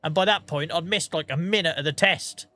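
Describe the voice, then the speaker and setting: A man's voice: on the high side, brisk, pushed and bright, slight background noise. A tired man, chatting casually to viewers on a game livestream and telling rambling, sweary stories. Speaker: streamer.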